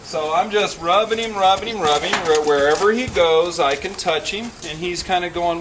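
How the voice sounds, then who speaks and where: A man trains a horse and talks the viewer through each step in an even, soothing way. His voice sits slightly high. Loud crickets and insects chirp behind him in the open air. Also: a little fast, recorded from a distance. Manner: calm, soothing, repeats praise. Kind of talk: instructional commentary while working. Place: outdoor pen. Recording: outdoors with loud insect noise.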